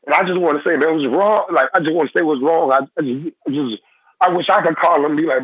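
A young man, a former football player, talking in a phone-in interview in halting, repetitive phrases. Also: fairly high pitch, husky, no room sound. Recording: tinny phone line.

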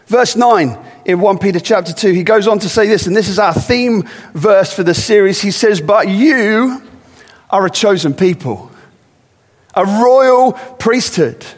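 A man's voice: sits high, in a large hall. A man preaching a sermon in a church, talking in a conversational way that builds into emphatic repetition.

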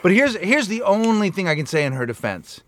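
A man's voice: high-pitched, big pitch swings, a little fast, dry recording. Joking, reactive podcast co-host man. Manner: reactive, joking interjections, swears. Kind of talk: casual chat.

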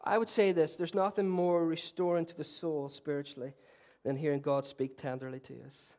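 A middle-aged man preaching a sermon, earnest and swinging between loud declarations and soft, tender passages, with self-deprecating humour. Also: a little high, flat delivery, normal speed. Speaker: pastor.

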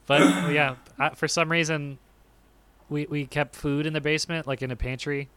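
A young man co-hosting a podcast, telling animated stories in casual chat and acting out quotes with sudden yelps. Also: fairly high pitch, a little hiss or hum. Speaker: podcast co-host.

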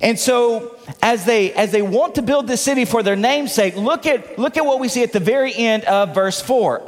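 A man's voice: very high voice, lively intonation, moderate pace, long reverb tail. A male pastor preaching a sermon to his congregation, with playful asides and repeated words as he builds a point. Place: church sanctuary.

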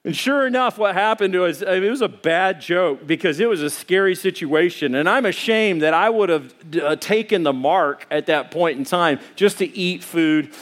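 A middle-aged man preaching a sermon, telling a personal story in an animated, conversational way with frequent restarts. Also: high voice, normal speed, few pauses. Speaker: pastor.

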